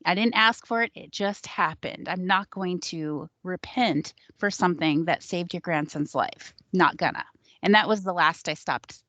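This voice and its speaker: A woman's voice: fairly low pitch, unhurried, bright, forceful tone, dry recording. A woman recounting a personal experience in a casual, conversational way, with frequent ums and likes. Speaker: psychic sharing her experiences on a panel show. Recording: dull lo-fi sound, dry.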